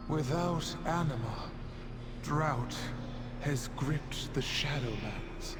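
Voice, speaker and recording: A man's voice: mid-range voice, close to an everyday voice. A man voicing a solemn afterlife herald. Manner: grave, slow, proclaiming. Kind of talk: game cinematic narration. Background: loud game music.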